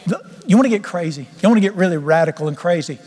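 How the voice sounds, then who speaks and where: A man's voice: high-pitched, lively intonation, fast, darkish tone. A man preaching a fervent, folksy sermon with humor. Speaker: pastor. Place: church sanctuary. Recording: long church reverb, faint music.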